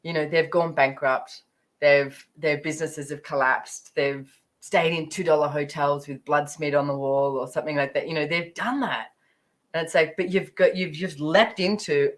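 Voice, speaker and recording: This is a middle-aged woman with a notably low, deep speaking voice. She tells a personal story in a loose, chatty way, rambling and filling her talk with small asides. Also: fairly even intonation, normal speed, poor audio. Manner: chatty, rambling, full of fillers. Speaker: speaker sharing her money journey.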